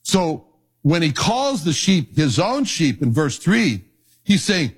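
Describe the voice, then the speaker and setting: A middle-aged man, a pastor, preaching a sermon and telling personal stories, dropping his voice low for asides. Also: slow pace, husky. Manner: animated storytelling, drops low for asides.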